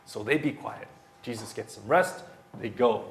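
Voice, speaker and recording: This thirties-aged preacher works through scripture verse by verse, his lowish, creaky voice moving at a normal speed. He's emphatic, circles back to key phrases, and fills gaps with lots of fillers. The recording has roomy hall echo and slight background noise.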